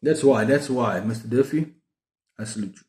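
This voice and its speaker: A man's voice: mid-range voice, moderate pace, darkish tone. A man in his thirties chatting casually about books in a rambling, self-mocking way, full of restarts. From South Africa. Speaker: book vlogger. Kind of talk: casual book-haul chat. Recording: roomy echo.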